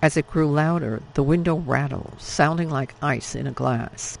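Brief: male audiobook narrator, slightly high voice, gravelly fry, even read. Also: moderate pace, low-quality recording.

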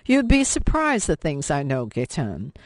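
A woman's voice: sits low, huge pitch swings, unhurried, darkish tone, no room sound, exaggerated voice. A woman voicing a stubborn young woman in an audiobook, firm and pointed. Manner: pointed, firm, a little raised. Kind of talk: audiobook character voice.

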